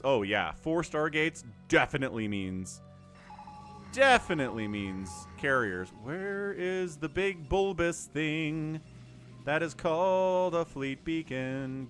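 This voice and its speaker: Animated man casting a live game. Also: fairly high pitch. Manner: animated, chatty, thanks viewers mid-play. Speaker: stream host and game commentator.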